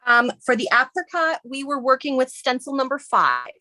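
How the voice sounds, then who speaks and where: A woman's voice: sits high, sing-song, normal speed, pushed and bright, no room sound. A woman from near St. Louis, a guest designer who explains a stencil project in a friendly, chatty way and laughs often. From Southern Illinois, near St. Louis. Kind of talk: casual craft demonstration.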